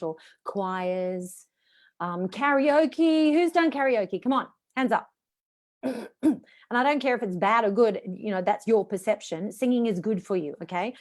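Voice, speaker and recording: Her accent is Australian and her pitch medium; she's a voice and presentation coach hosting a live online workshop. She voices incoming questions and replies to them with animated, varied intonation.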